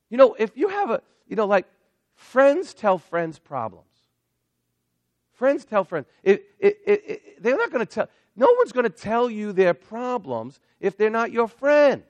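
A male pastor preaching a sermon in an animated way, swinging between loud emphatic lines and hushed asides. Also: sits high, no echo.

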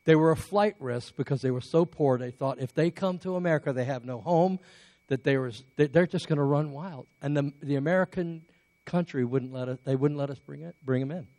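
English-born pastor preaching, halting then forceful. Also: male voice, a little high, dry recording. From England. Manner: storytelling with many restarts, building to emphatic exhortation. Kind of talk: sermon.

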